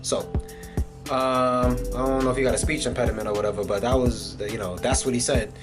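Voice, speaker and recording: A man's voice: mid-range voice, fairly even intonation, brisk. A man ranting casually in a video commentary, swearing and using many fillers. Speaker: vlogger. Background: music.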